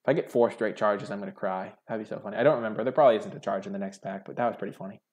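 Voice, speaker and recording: Low-voiced man musing over card picks. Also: very fast, a little mellow. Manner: musing, hesitant, many "like" fillers. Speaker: card game video host. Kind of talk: thinking-aloud draft commentary.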